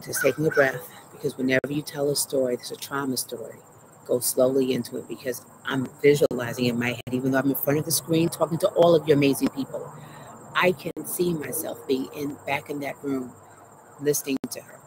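A woman therapist with a bass voice talks a little fast with fairly even intonation, recounting her trauma earnestly and emotionally while teaching on her garden show. She's anxious, her heart racing; she pauses to breathe and often asks "right?", and loud crickets and insects sound throughout the outdoor recording.

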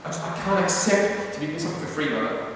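High-voiced man in a very echoey hall. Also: lively intonation, rapid-fire, a bit bright, a little hiss or hum. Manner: keeps checking in with listeners by asking if they follow; repeats words as he restarts his sentences. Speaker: youth meeting speaker. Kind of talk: conversational church youth talk. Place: church hall. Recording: very echoey hall, voice picked up from a distance.

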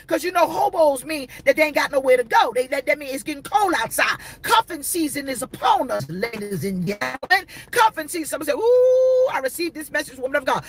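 Fiery, high, animated woman preacher. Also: a little fast, few pauses. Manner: shouting, repetitive, call-and-response. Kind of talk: fiery sermon.

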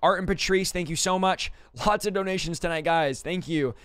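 A man hosting a livestream, quickly thanking donors and stumbling over names, a little out of breath. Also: high-pitched, fairly bright tone, smooth, no echo, studio quality. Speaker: livestream host.

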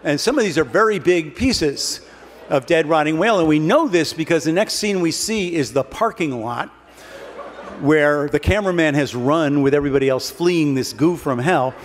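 A man with a somewhat high voice delivers a comic keynote story in a wry, dry manner. He speaks from a stage in a large hall before an audience. The long reverb of the hall trails his words, with faint noise underneath. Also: lively intonation, normal speed.

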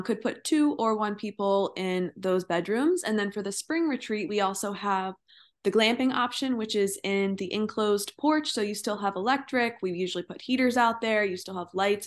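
Woman, podcast guest, yoga teacher, bubbly, chatty, rambling, mid-pitched voice. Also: moderate pace. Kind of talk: casual interview chat.

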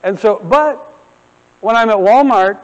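High-voiced preacher in a reverberant hall. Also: male voice, a little slow, dull audio. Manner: humorous storytelling, animated asides. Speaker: pastor. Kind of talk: sermon. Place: church sanctuary.

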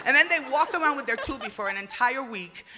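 A stand-up comedian from the Republic speaks in a razor-bright, sharp voice. She is brash and crude and shouts her punchlines. The sound rings with long reverb, with a faint murmur of ambience underneath. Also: sits high, expressive, quick pace, a little hiss or hum. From Dominican Republic. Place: comedy stage before an audience.

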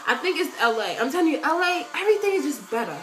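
A woman's voice: big pitch swings, quick pace. Chatty teen girl vlogging from her bedroom. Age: teens. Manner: chatty, joking, dramatic swings in loudness and pitch. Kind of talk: casual Q&A vlog talk. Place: bedroom at home.

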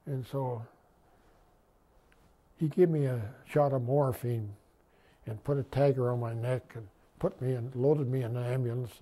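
Mellow-voiced man in his nineties, reminiscing. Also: medium pitch, measured pace, long pauses. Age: 90s. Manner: animated retelling, lifting his voice for quoted dialogue; rambling, with frequent restarts and wry humor. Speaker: WWII veteran interviewee. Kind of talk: oral history storytelling.

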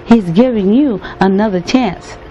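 A woman's voice: medium pitch, measured pace, mellow, a little hiss or hum. A woman preaching a sermon, earnest and emphatic, repeating phrases for weight and calling out to the congregation. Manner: calls out to the congregation directly.

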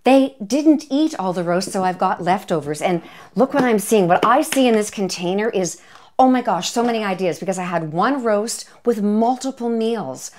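A woman's voice: mid-range voice, lively intonation, normal speed, darkish tone. A woman hosting a comic cooking demonstration, talking to camera in a playful, chatty way with jokey asides and little cheers. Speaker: cooking show host, home economist.

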